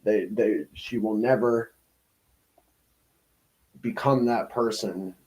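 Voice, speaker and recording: Low mellow thoughtful man. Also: rough recording. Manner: measured, thoughtful, hedging with fillers. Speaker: stream co-host. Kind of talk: casual reaction commentary.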